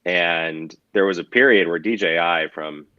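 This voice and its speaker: A man's voice: low voice, unhurried, dry recording, lo-fi sound. A man with a cold and a nasal, congested voice, chatting casually as a podcast guest over a remote line. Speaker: podcast guest, drone company employee. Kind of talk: casual conversation.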